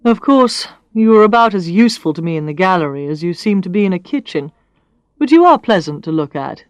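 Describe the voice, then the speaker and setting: A woman's voice: fairly low pitch, expressive, fairly quick, no room sound, natural voice. A woman reading the lines of a charming, blunt male gallery owner aloud from a story, in a teasing, matter-of-fact way.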